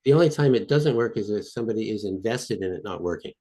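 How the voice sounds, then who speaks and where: Man, very low pitch, podcast guest, explanatory, repetitive chanting. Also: animated, quick pace, mellow. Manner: repetitive, demonstrative, chanting phrases with rising intensity. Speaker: guest expert. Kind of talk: podcast interview, guided demonstration.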